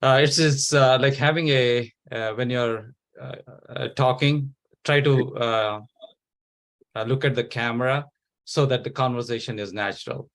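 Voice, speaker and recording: A man giving halting feedback as a debate judge over a video call. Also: medium pitch, fairly even intonation, fairly bright tone. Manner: halting, hesitant. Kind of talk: spoken feedback.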